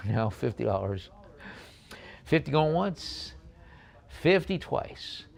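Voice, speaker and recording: A man working as an auctioneer, calling bids briskly and adding chatty asides about each lot. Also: medium pitch, big pitch swings, creaky. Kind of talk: live auction bid calling.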